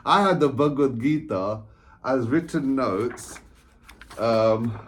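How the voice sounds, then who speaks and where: A man at an average pitch tells a long personal story straight to camera. He wanders and restarts, often checking in with a quick "right?" and breaking into short laughs. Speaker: author and spiritual coach. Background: England.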